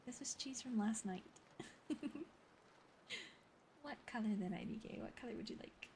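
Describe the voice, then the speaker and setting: A young woman whispering softly on an ASMR livestream, chatting and giggling with viewers as she thanks them and tells a story. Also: a little high, a little slow, a little hiss or hum. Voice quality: soft whispery voice. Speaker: streamer. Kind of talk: whispered ASMR stream chat.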